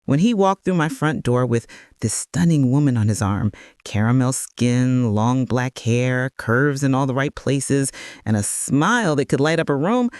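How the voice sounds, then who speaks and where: Brief: woman, 60s, first-person storyteller, earnest and reflective, very expressive melody, dry close sound. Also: a bass voice, no echo.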